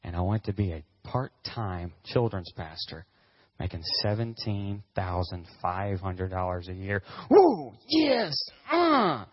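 A man pastor telling a personal story in a sermon, animated and acting out what people said. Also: low voice, a little slow, dry recording, muffled recording. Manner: animated, acts out quotes, whoops with excitement.

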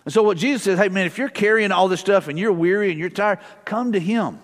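High-voiced folksy preacher in a big hall. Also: male voice, quick pace. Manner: folksy and conversational, with family stories and repeated prayers. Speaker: pastor. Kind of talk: sermon. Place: church sanctuary. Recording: long church-hall reverb.

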